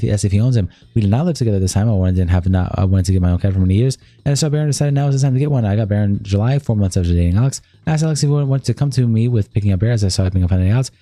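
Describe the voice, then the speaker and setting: A man's voice: medium pitch, mellow, no room sound. A man on a live stream, reading a long document and message screenshots aloud, often stumbling over words and restarting them. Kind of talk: live-stream read-through with commentary.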